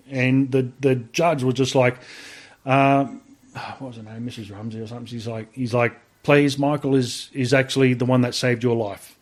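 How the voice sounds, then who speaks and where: An Australian man speaking as a podcast guest, recounting events in a loose, blunt style with plenty of swearing. His voice sits at an ordinary middle pitch, and his talk is full of ums and restarts. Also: little pitch movement, normal speed. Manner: blunt and profane, lots of fillers. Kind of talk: casual storytelling.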